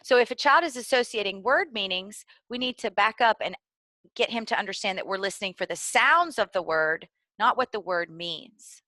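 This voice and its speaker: A woman giving clear, deliberately enunciated instructional narration for preschool teachers. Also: medium pitch, expressive, sharp tone, dry recording. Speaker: early literacy trainer.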